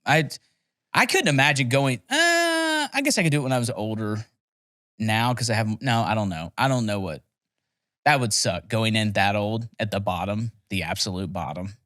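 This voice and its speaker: A man's voice: on the low side, brisk, a bit bright, no room sound, studio quality. Man telling rambling profane stories. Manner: rambling, profane storytelling with laughs. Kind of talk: casual podcast chat. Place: podcast studio.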